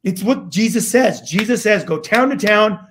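A man with a high, light voice tells an animated story as a guest on an interview show. He talks in casual slang and jumps into the voices of the people in his story. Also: moderate pace, a little hiss or hum. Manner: casual slangy, acts out quotes.

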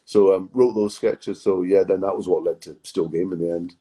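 A man's voice: low voice, fairly even intonation, normal speed, warm tone, husky, rough recording. A middle-aged man chatting as a podcast guest, telling rambling anecdotes full of restarts. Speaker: guest, comedy writer and actor. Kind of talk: casual podcast interview.

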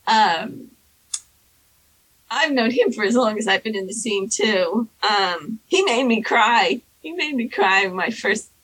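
A woman casually telling anecdotes in an animated way, acting out the people she quotes. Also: a little slow, poor audio. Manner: animated, acts out quoted people in high squeaky voices. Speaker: storyteller guest.

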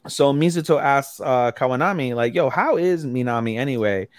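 A man's voice: mid-range voice, moderate pace, dry recording, clean studio sound. A man co-hosting a podcast, recapping an anime episode in a casual, profane way and acting out the characters' quoted lines. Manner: swears often, recaps plots with quoted lines. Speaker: podcast co-host.

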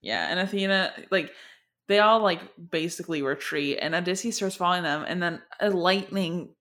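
Animated young woman retelling a story. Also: lowish voice, normal speed. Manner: animated storyteller, filler-heavy speech. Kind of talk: casual chat retelling a story.

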